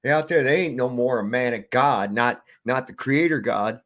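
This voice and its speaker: Middle-aged male host, crude preachy ranter, mid-pitched. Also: normal speed, fairly bright tone. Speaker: commentary host. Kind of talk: profane ranting commentary.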